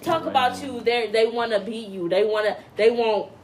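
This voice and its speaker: Brash high-voiced woman giving advice. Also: moderate pace, crowd noise. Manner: brash, profane, hyped pep talk. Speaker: podcast co-host. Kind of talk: casual chat giving advice.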